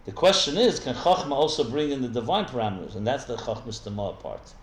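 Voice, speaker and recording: Expressive and fairly quick, a mid-range male voice guides a live text study class, the speaker acting as rabbi. His explanations come as he thinks, with frequent restarts, and the echoey room carries faint ambience.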